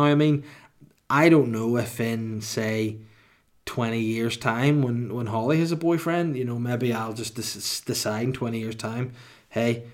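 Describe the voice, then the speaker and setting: A man in his thirties hosts a solo comedy podcast. He rambles and throws in irreverent, sweary asides at a middle pitch. His delivery is loose and unscripted.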